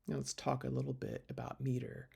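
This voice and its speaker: A man's voice: mid-range voice, monotone, a little fast, vocal fry, dark tone, slightly rough. A man teaching literature in a recorded lecture video, explaining step by step with fillers and restarts.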